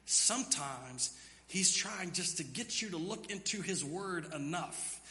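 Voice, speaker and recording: A man preaching a sermon as pastor, dropping to a hush and then building to loud, emphatic passages. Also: high voice, expressive, a little slow, long reverb tail. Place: church sanctuary.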